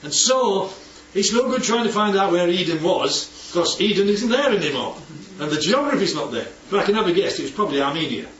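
A man teaches a Bible study group with a fairly high, very lively voice, often asking if his listeners agree. He sounds far from the mic in a roomy space. The recording is dull, with faint background ambience. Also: fairly quick, few pauses, slight background noise. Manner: animated, asks for agreement often.

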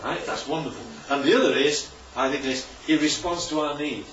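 Fairly quick and fairly high-pitched, with a fairly bright tone, a man preaches informally to his congregation in a church hall, using slides and often asking "right?" and "isn't that lovely?". The recording is roomy, distant and dull, with slight background noise.

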